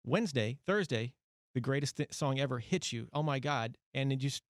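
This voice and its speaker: A man's voice: mid-range voice, normal speed, dry recording. A man hosting a radio interview, eager and playful, firing off questions in a studio. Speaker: radio host.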